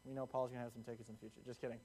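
A man's voice: medium pitch, little pitch movement, very fast, warm tone, breathy edge. A young man giving a casual, conversational sermon, acting out the voices in the stories he tells. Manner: conversational, acts out quotes in the parable. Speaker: preacher.

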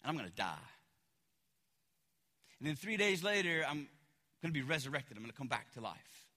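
A calm male teacher speaks in a hushed, grave voice, as a preacher voices him. The tone stays high and bright. A long reverb lingers in the hall. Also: moderate pace, exaggerated voice. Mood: solemn. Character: calm male teacher foretelling his fate.

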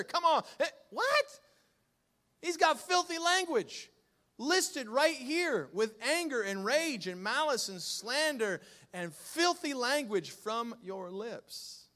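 A male pastor preaching a sermon, joking with the congregation and swinging from low asides to loud, emphatic lines. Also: expressive, slow.

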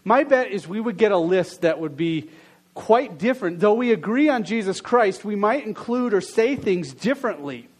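A man's voice: sits high, expressive, moderate pace. A man preaching a sermon, opening with a prayer, then asking the congregation a string of questions. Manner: earnest, questioning, drops softer in prayer. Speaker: pastor.

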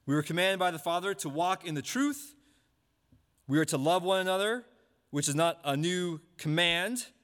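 A man preaching a sermon, asking rhetorical questions and repeating key points slowly. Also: on the high side, a bit bright. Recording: long hall reverb.

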